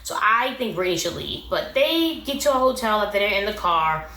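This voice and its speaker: A woman's voice: medium pitch, lively intonation, fairly quick, pushed and bright. Sassy woman recapping a reality show. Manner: opinionated, sassy, talks back at the show. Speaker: recap vlogger. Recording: roomy echo.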